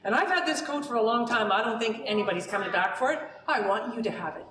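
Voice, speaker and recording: A woman's voice: a little high, animated, fast talker, a bit bright, a little hiss or hum. A woman voicing a fretful village washerman who complains and exclaims in a flustered way, stumbling over his words. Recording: roomy hall recording from a distance.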